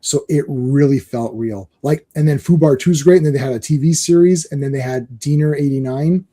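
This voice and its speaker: A man's voice: fairly high pitch, a little fast. A man hosting a casual chat, telling stories with lots of laughter and repeated words. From Canada. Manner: animated storyteller, laughs often, repeats words. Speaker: podcast host.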